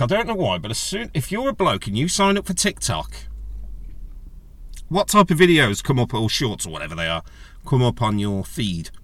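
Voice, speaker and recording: A man hosting a casual solo podcast, chatty and jokey, rambling from one aside to the next. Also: dry recording. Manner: rambling, chatty and jokey, with animated pitch jumps. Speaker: podcast host.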